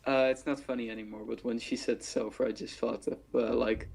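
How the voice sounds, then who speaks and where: A man's voice: mid-range voice, little pitch movement, brisk, creaky, darkish tone. A young man co-hosting a podcast, chatting casually and joking with friends in a playful, rambling way. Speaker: podcast co-host. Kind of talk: casual chat among friends.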